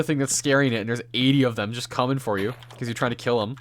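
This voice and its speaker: A man's voice: medium pitch, steady tone, quick pace. A man streaming a game, chatting casually and teasing his friend, swearing and laughing often. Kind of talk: casual chat on a gaming stream.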